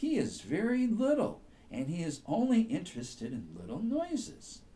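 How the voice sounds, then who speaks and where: A man voicing a wise, kindly old male groundhog who explains things in a gentle, confiding way in a storybook reading. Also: high voice, wildly swooping pitch, unhurried, pitched above the performer's own voice, heavily acted.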